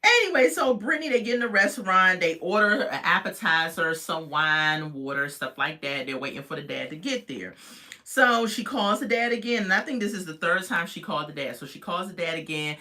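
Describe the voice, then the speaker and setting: Reviewer, casual recap, bright forceful voice, opinionated and animated with viewers. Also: brisk. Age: adult parent. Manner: chatty, opinionated, talks straight to viewers; animated, jumps in pitch when reacting. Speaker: reality TV reviewer.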